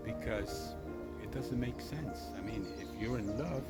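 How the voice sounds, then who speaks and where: A man's voice: fairly low pitch, a little slow. A man from Costa Rica with a Costa Rican accent and Spanish as his first language, a restaurant owner explaining local sayings to visitors in a playful, teasing, theatrical way. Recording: loud background music. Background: music.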